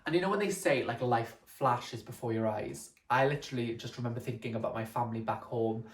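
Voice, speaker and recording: A young man, telling stories in a casual vlog with a chatty, animated manner. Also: mid-range voice, fairly quick, roomy sound. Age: young adult. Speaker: vlogger.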